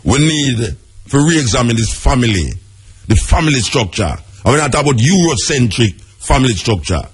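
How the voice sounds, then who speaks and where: A man's voice: mid-range voice, lively intonation, fairly quick, slight background noise. A Jamaican man hosting a radio talk show, speaking emphatically and repeating his key points. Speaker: radio host.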